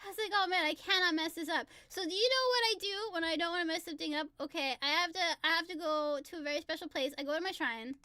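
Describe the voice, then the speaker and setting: A young woman chatting on a livestream, excitable and giggly, gushing about songwriting. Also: extremely high pitch, rapid-fire, hardly any pauses, dry recording. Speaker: singer-songwriter streamer. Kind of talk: casual livestream chat.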